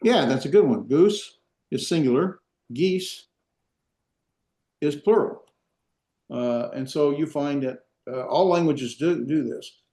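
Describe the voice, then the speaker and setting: A man teaching a classroom lesson, halting with fillers and restarts, with dry asides. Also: a little high, dark tone. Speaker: Hebrew teacher. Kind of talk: classroom lecture. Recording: echoey classroom.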